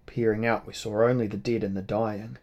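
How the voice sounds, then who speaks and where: A man narrating a novel in a measured, dramatic reading style. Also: on the low side, level tone, darkish tone, highs cut off. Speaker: audiobook narrator. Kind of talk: scripted narration.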